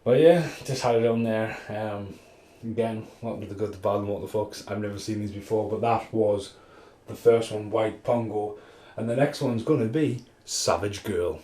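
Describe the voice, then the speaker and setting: A man's voice: fairly low pitch, moderate pace, warm tone. A man rambling casually through a film review vlog, swearing a lot and laughing at the films.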